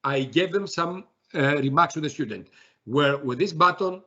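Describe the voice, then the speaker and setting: A man presenting a software demo in a webinar, talking haltingly with many fillers and restarts. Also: on the high side, dull audio.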